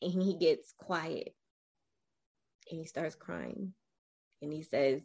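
A woman in her forties, a podcast interview guest, telling her own life story in an animated, emotional way with frequent restarts. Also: deep voice, slow pace, gravelly, long pauses, highs cut off.

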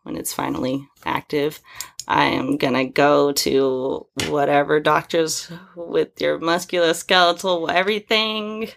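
A woman's voice: low-pitched, a little slow, vocal fry. A woman co-hosting a podcast, telling stories in casual chat, laughing often and swearing freely. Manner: laughing, swearing, animated storytelling. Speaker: podcast co-host.

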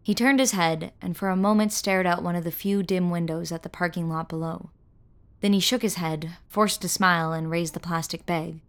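A woman reading a first-person audio story as narrator, in a measured, wry storytelling manner. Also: on the low side, fairly even intonation, clear, resonant tone.

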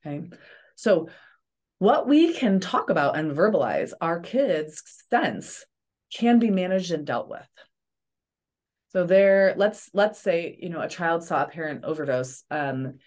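A woman's voice: fairly low pitch, animated, a little slow, a little mellow. A woman therapist, a podcast guest, giving earnest advice in a coaching manner. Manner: earnest, coaching, acts out examples.

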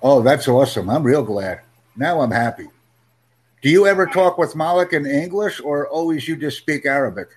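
A man teaching an English conversation lesson over a video call, upbeat and encouraging, speaking in simple, slowed-down phrases. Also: fairly high pitch, animated, husky. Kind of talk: live online English lesson.

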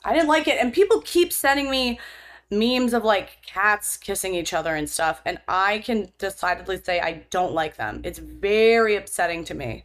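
A young woman with a middle-pitched voice co-hosts a casual podcast. She rambles through her thoughts with wry, self-deprecating humor and the odd curse. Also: moderate pace, a bit bright. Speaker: podcast co-host. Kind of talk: casual chat.

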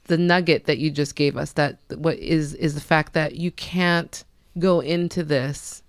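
A woman's voice: sits low, fairly even intonation, a little slow, no echo, clean studio sound. A woman hosting an interview, encouraging and reflective, at times emotional, speaking in a conversational way. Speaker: podcast host.

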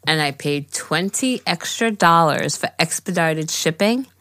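A middle-aged woman co-hosts a podcast and chats along in a laid-back, rambling way. Her voice sits lowish but sounds bright and forceful. The recording is dry and close, with no room echo. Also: a little slow. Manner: relaxed, rambling, talks with mouth full. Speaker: podcast co-host. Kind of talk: casual chat.

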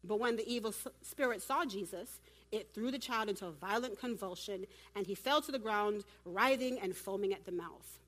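A woman preaching at a church women's event, animated and humorous, talking directly to her audience. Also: medium pitch, normal speed. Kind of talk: sermon.

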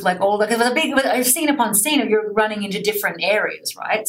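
A woman interviewer asking questions in a lively, playful, chatty way. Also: mid-range voice, fast talker, hardly any pauses. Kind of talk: casual interview chat.

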